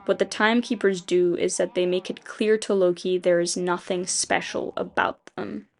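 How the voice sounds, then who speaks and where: Gravelly woman casually recapping a plot. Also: fairly low pitch, fairly even intonation, normal speed. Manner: rambling, filler-heavy, voices quoted characters; opinionated, swears casually. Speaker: video essayist.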